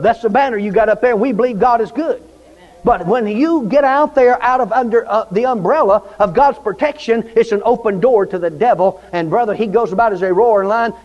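A man with a high-pitched, darkish voice gives a fervent, repetitive sermon in church, often calling for amens, heard through a dull lo-fi recording with long reverb.

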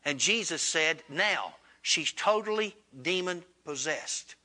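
A man preaching a sermon, telling a story and acting out the dialogue in an animated, colloquial way. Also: takes it slowly. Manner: animated, acts out dialogue with rising pitch. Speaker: pastor.

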